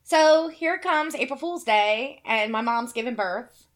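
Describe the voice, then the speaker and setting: A woman's voice: a little high, measured pace. A woman in her forties from Kentucky, telling a family story in casual chat and acting out the voices. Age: 40s. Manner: animated storyteller, acts out quoted voices, swears casually.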